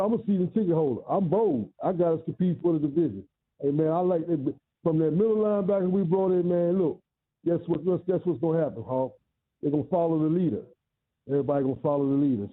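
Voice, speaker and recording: Excited man calling in on a tinny phone line. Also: on the high side, fast. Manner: excited, boastful, slangy. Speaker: caller. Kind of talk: call-in radio talk.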